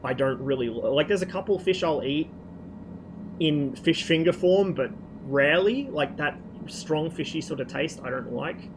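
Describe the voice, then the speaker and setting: A man's voice: a little high, unhurried. A man from Australia chatting casually on a stream, telling rambling, profane stories. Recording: noisy background.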